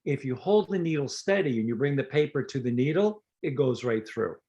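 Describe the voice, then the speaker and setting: A man's voice: mid-range voice, expressive, a little fast, dark tone, lo-fi sound. An older man, a dentist and lecturer, telling anecdotes and explaining technique in an interview, acting out the lines of people in his stories. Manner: anecdotal, teaching, acts out quoted dialogue. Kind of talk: storytelling interview talk.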